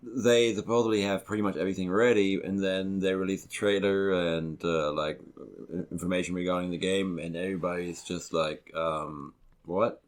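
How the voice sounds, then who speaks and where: A man in a relaxed podcast chat, his voice sitting a bit low. He rambles through his points with plenty of fillers and trailing thoughts. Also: moderate pace. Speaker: podcast co-host. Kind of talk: casual chat.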